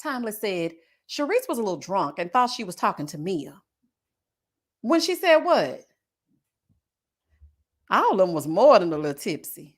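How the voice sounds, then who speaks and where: A woman's voice: mid-range voice, sing-song, normal speed, long pauses. A woman hosting a casual live-stream commentary, reading chat comments in a sassy voice and laughing often. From Texas. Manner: sassy, laughs often, puts on voices when quoting people.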